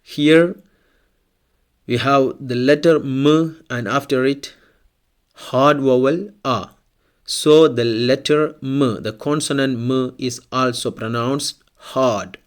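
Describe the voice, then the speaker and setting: A man with a mid-pitched voice teaches a language lesson at an unhurried pace. He explains step by step and says each example word twice for the learner. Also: smooth. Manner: slow, deliberate, repeats example words twice.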